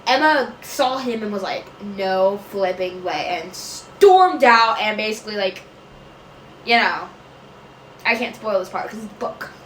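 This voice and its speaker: A woman's voice: fairly high pitch, unhurried, fairly bright tone, roomy sound, slight background noise, poor audio. A woman answering viewer questions in a casual chat, rambling, often losing track, correcting herself and laughing.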